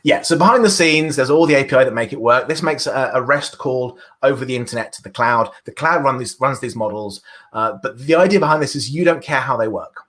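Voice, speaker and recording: A man's voice: mid-range voice, fairly quick, fairly bright tone. British man demoing code. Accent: British English. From Britain. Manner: enthusiastic, explanatory, with restarts. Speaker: workshop presenter. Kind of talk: live coding demo talk.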